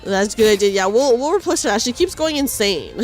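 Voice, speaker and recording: A woman's voice: a little high, expressive, a little fast, faint music behind. A young woman streamer chatting with her audience and reading game dialogue aloud during a live game stream. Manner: chatty, giggly, reads game lines aloud.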